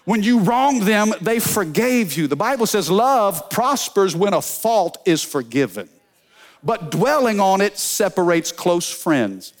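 A man preaching a sermon as pastor, energetic, telling funny stories and calling out to the congregation. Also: sits high, measured pace. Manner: energetic preaching with call-and-response; storytelling with humor.

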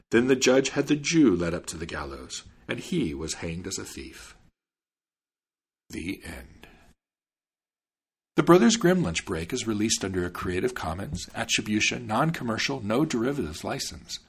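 A male storyteller reads a fairy tale with a husky, slightly breathy voice. His pitch swings lively up and down as he narrates with expression. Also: moderate pace, hardly any pauses. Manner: expressive, animated reading. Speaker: podcast host and storyteller.

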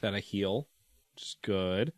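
A man's voice: lowish voice, measured pace, dry recording, clean studio sound. A man playing a tabletop game, listing his turn step by step in a matter-of-fact way. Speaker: player.

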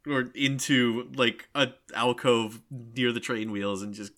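A man co-hosting a casual podcast, retelling scenes in animated quick bursts and laughing often. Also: mid-range voice. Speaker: podcast co-host.

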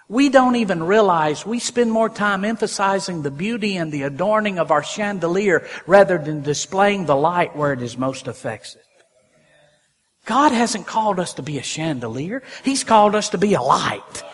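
A man preaching a sermon from a church sanctuary, animated and rising to loud exclamations. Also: high voice, moderate pace, big-room sound. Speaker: pastor.

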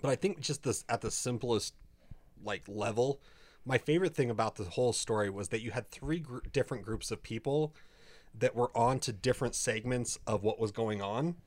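A man's voice: mid-range voice, normal speed, no room sound. A man hosting a casual podcast chat, rambling and enthusiastic, swearing a lot.

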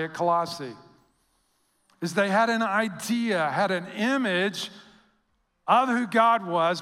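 A man preaching a sermon as pastor, telling stories with animated quoted voices and dropping soft for emphasis. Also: high voice, long reverb tail.

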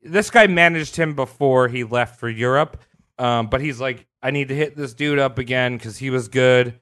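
A man hosting a casual podcast chat, telling a story in an animated, profane way and acting out quotes. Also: mid-range voice, normal speed. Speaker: podcast host.

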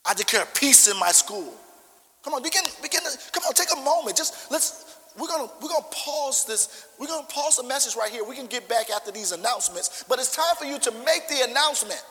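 A man's voice: very high voice, expressive, brisk, bright, forceful tone. A man pastor preaching a fervent sermon with emphatic, repeated declarations, recorded in a church. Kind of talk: sermon with congregational prayer. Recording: long echo of a large church hall.

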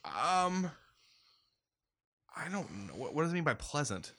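Joking Midwestern man, bright voice. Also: fairly high pitch, very animated, unhurried. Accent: Midwestern American. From American Midwest. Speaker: podcast co-host. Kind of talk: casual chat.

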